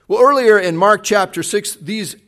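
A man preaching a sermon, retelling a Bible story with dramatic swings between loud acted quotes and soft, hushed passages. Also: fairly high pitch, animated, unhurried. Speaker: pastor.

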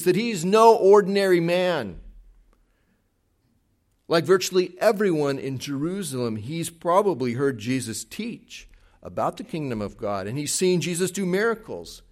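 Earnest preaching man, slightly high voice. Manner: earnest, emphatic preaching with sudden hushed drops. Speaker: pastor. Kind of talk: sermon.

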